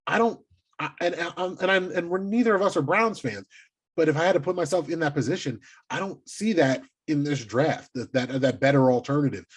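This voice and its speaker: A man co-hosting a casual sports podcast, teasing and animated, who swears casually. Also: on the high side, a little fast, slightly rough. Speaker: podcast co-host.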